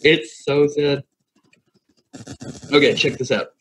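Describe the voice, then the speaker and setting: A man's voice: a little high, fairly even intonation, slow, fairly bright tone, a little hiss or hum. A man in his thirties telling a long story in casual podcast chat, rambling, swearing freely and laughing often. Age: 30s. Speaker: podcast co-host. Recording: single USB mic, lo-fi.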